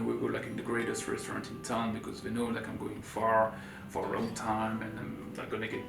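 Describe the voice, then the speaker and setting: A man's voice: mid-range voice, creaky. Man telling a story. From France. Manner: rambling, filler-heavy, animated. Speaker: co-host. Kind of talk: casual storytelling chat. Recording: roomy room with faint guitar music.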